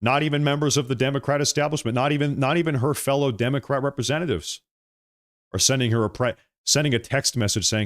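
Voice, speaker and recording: A man's voice: medium pitch, quick pace. Heated man ranting. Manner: ranting, repetitive rhetorical questions. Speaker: political commentary host. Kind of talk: heated political commentary.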